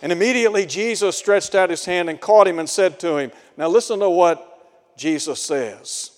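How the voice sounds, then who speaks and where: A man's voice: high voice, normal speed. A man preaching a sermon in an earnest way, asking his listeners rhetorical questions. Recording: long hall reverb.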